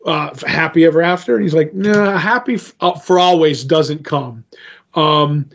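A podcast co-host, a man with a somewhat high-pitched voice, talks through a comic book plot in a loose, rambling way. He keeps slipping into the characters' lines with "he's like" and "she's like." The recording sounds dull and lo-fi. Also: steady tone, moderate pace. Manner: rambling retelling, acts out quotes with "he's like". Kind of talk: casual comic book recap.

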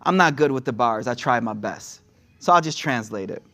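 A man giving a casual religious lesson in slangy, conversational talk, reading quotes in a quick run and then explaining them to his listeners. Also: mid-range voice, lively intonation, fairly bright tone. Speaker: religious teacher.

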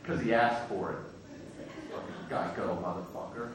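A man's voice: lowish voice, moderate pace, very noisy. A man doing stand-up comedy in a club, brashly teasing the crowd with crude jokes, heard from far off in an echoey room.

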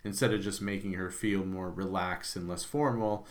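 Low-voiced American man chatting casually. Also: normal speed. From United States. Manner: relaxed, chatty, loose phrasing. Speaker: podcast co-host. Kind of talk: casual film discussion.

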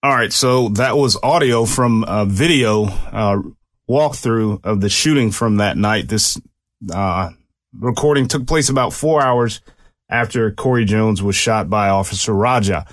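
Male commentator with police background, lowish voice, talky and explanatory. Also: measured pace. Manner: conversational, explanatory, with restarts. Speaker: commentator and former police officer. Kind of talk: casual commentary on a case.

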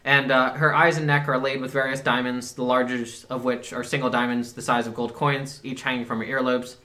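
A man's voice: medium pitch, flat delivery, a little fast, bright, forceful tone. A man narrating a tabletop game as game master, hesitant with many fillers.

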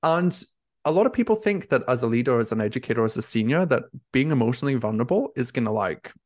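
A man's voice: medium pitch, animated, fast, a little mellow, no echo, clean studio sound. Candid young male nurse coach. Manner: open, emotional, lots of filler "like". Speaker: nurse career coach, guest. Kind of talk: candid conversational interview.

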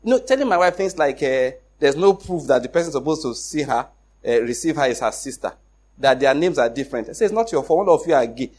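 A middle-aged Nigerian man with a Nigerian accent, telling a personal story in an animated way, acting out the dialogue and laughing often. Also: a little high, a little fast, breathy edge. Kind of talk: casual storytelling.

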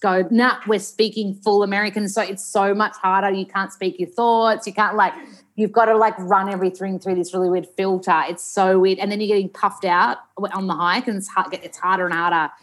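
Lively Australian woman podcast guest. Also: mid-range voice, brisk. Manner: lively, laughing, swears casually, attempts an American accent. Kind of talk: casual chat.

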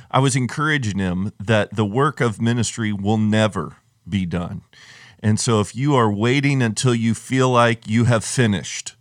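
Low voiced church staff guy cohosting, reflective and affirming, dry sound. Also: dry recording. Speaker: ministry staff member, co-host. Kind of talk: podcast conversation.

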